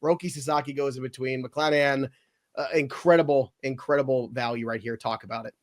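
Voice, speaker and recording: Animated man hosting a sports podcast. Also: medium pitch, brisk. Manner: animated, mock-outraged when picks are taken. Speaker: podcast host running a mock draft. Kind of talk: casual sports podcast chat.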